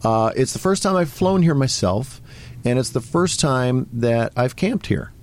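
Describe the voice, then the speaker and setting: A man's voice: mid-range voice, expressive, a little slow, darkish tone. A middle-aged man, an actor and comedian, chatting as a guest on a radio interview and telling rambling, jokey anecdotes. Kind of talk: casual radio interview storytelling.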